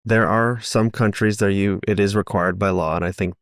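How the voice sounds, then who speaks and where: A man with a very low voice in a relaxed podcast chat. He is easygoing and quick with a joke. The recording is dry and close. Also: dry recording. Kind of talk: casual chat.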